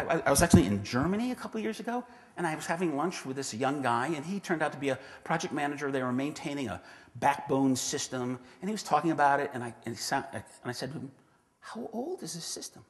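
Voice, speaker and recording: A man giving a conference talk who acts out quoted voices and often restarts his sentences, on a clip-on mic. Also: a little high. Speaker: conference speaker. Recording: long reverb in a hall.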